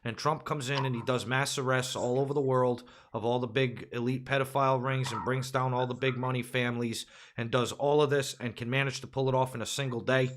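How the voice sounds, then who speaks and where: A man's voice: mid-range voice, steady tone, brisk, few pauses, a little hiss or hum. A man hosting a political podcast, ranting with profanity and rhetorical questions. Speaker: podcast host. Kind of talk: casual political podcast rant.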